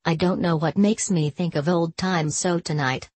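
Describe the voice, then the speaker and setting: A woman reading the lines of a poor, gentle elderly spinster in a storybook. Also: on the low side, steady tone, normal speed, slightly rough, no echo. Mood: wistful. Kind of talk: storybook character voice.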